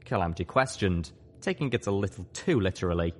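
A man narrating a fan fiction audiobook with expressive storytelling. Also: low voice, fast, few pauses. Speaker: audiobook reader.

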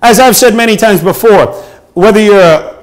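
Earnest high-voiced middle-aged preacher. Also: male voice, normal speed. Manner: earnest, emphatic preaching with hesitations. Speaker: pastor. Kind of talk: sermon.

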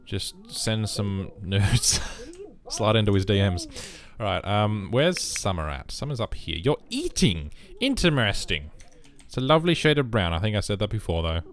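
A man casually commenting on his life-simulation game, rambling and breaking into sudden excited outbursts. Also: low voice. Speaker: let's play host.

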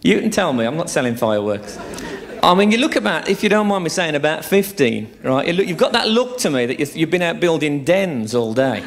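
Crude stand-up man, lively pitch. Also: brisk, a crowd in the background. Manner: crude, chatty, teasing the audience. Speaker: stand-up comedian. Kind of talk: live stand-up routine. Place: theatre stage. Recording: live show with audience laughter.

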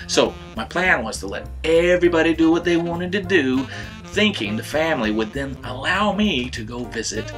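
A man's voice: on the high side, expressive, moderate pace. A man narrating a family travel vlog in a dry, self-mocking tone. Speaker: vlogger and father. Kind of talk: scripted narration. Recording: voice-over with music behind.

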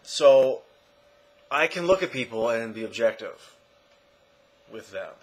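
A man talking casually to his camera in a rambling way, correcting himself and often trailing off quietly. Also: medium pitch, lively intonation, takes it slowly, slightly rough, low-quality recording. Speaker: vlogger. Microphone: camera mic.

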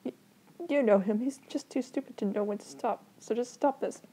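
A woman's voice: on the high side, normal speed, mellow, slightly rough, voice pushed up. A woman reading as a pleading younger brother. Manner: pleading, exasperated.

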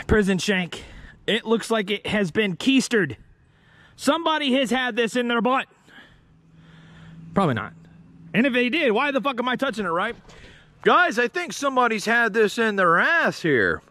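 A man's voice: very high voice, very animated, normal speed, pauses often, sharp tone. A man vlogging outdoors, joking crudely, rhyming on the fly and talking to himself as he explores. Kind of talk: casual off-the-cuff vlog with freestyle rhymes. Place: outdoors in an open area.

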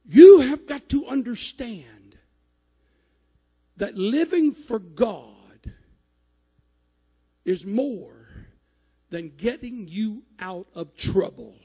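A man preaching a sermon in a church, shouting at his peaks and dropping low in between. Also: lively intonation, very slow, pauses often, breathy edge, long reverb tail. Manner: rising to shouted climaxes, then dropping low. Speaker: pastor. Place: church sanctuary.

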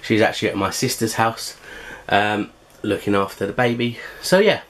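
A man's voice: lowish voice, moderate pace, fairly bright tone. A man hosting a casual home cooking vlog, chatty and full of fillers, sometimes talking while eating. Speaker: cooking channel host.

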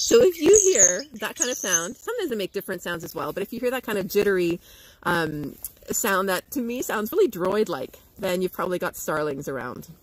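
A woman's voice: mid-range voice, very animated, a little fast, slight background noise, low-quality recording. A woman educator giving a playful livestream nature lesson to schoolchildren. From Canada. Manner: bubbly, playful, imitates bird calls.

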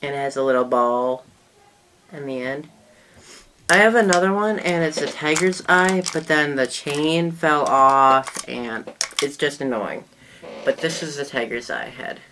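A woman's voice: low-pitched, measured pace, a bit bright, a little hiss or hum. A woman vlogger in a casual show-and-tell talk to the camera, chatty and rambling, often trailing off mid-sentence.

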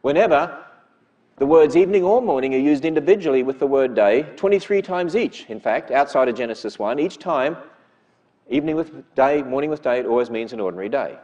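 A man's voice: medium pitch, expressive, brisk, warm tone, lo-fi sound. A man gives an emphatic lecture to a church audience, often putting rhetorical questions to them. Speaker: speaker addressing a church audience.

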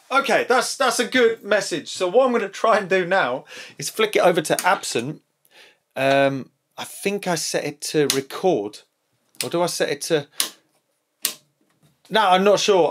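A man's voice: high-pitched, animated, moderate pace, fairly bright tone, slight background noise. Chatty man tinkering aloud. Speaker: museum owner demonstrating an answering machine. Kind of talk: casual hands-on demonstration.

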